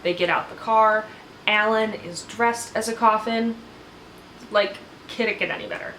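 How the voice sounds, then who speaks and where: A woman's voice: medium pitch, fairly even intonation, normal speed, a bit bright, slight background noise. A young woman casually recapping a TV episode in a chatty, gushing way, acting out what the cast said. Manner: chatty, gushing, acts out the cast's lines. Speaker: recap vlogger. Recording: echoey room with faint ambience.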